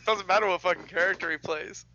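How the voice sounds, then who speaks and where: A man co-hosting a casual tabletop-gaming podcast chat, animated and swearing freely. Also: high voice, fast, muffled recording. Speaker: podcast co-host.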